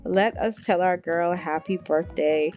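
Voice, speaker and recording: A woman's voice: lowish voice, steady tone, unhurried, a little mellow, muffled recording, soft background music. A woman narrating a life-sim game in a casual, chatty way, laughing often and talking straight to her viewers. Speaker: gameplay vlogger.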